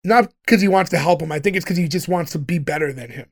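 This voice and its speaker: High-voiced man recapping with quick laughs. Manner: chatty, laughs often while retelling scenes. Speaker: podcast host recapping a TV episode. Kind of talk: casual chat.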